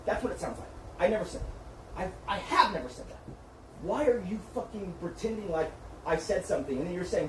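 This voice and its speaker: A man's voice: sits high, expressive, fairly quick, fairly bright tone. Man berating from across an echoey room. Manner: berating, profane, lecturing. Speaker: streamer's manager. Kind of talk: heated argument. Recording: echoey room from far off, faint noise.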